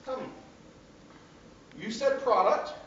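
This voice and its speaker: A high-voiced man lectures a class with lively energy, now and then shouting out a hint. He sounds distant from the mic, in a roomy hall with a dull, lo-fi recording and faint noise behind him. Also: slow. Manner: animated, bursts into shouted hints.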